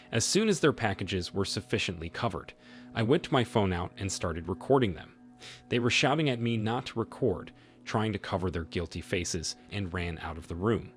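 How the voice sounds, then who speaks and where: A man narrating a first-person story and a short reaction, reading steadily without fillers. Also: on the low side. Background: faint background music.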